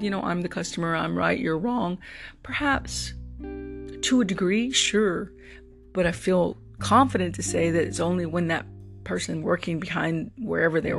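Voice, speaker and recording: Gravelly-voiced driver musing over guitar music. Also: mid-range voice. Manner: thoughtful, repeats words while searching for them. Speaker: rideshare driver vlogger. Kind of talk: casual reflective monologue. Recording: guitar music playing under the voice.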